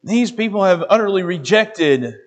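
A man preaching an expository sermon in a measured, deliberate teaching manner, reading scripture aloud. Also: high-pitched, expressive.

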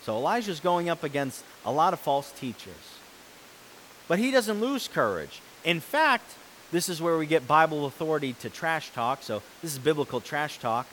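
A man preaching a sermon, reading scripture and explaining it, who swings between loud, forceful passages and soft, quiet ones. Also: a little high, very animated, normal speed, slight background noise, poor audio.

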